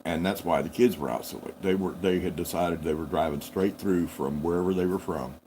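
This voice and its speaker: A fairly low-voiced man spins a folksy, rambling yarn on a live farm stream. He corrects himself as he goes, unhurried and homespun. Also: fairly even intonation, mellow, a little hiss or hum, rough recording. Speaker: farm channel host.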